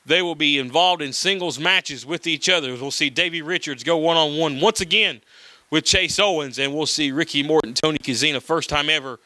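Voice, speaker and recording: Bright-voiced wrestling show host. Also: male voice, a little fast, no echo. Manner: hyped, announcer-style pitching. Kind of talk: television wrestling hype.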